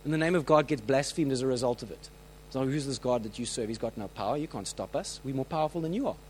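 A man preaching a sermon, telling stories with lively acted-out voices and frequent restarts. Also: medium pitch, fast, slight background noise, poor audio. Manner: animated storytelling, acts out quoted voices; many restarts and filler words.

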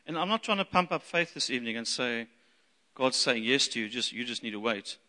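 A man preaching a sermon as a pastor, animated and acting out the voices he quotes. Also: medium pitch, a little fast. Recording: long reverb of a large hall.

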